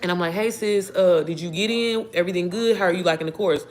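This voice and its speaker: Fast-talking animated woman telling a story. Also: on the low side. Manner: animated, profane, addresses viewers as y'all and baby. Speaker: online business coach. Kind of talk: casual storytime vlog.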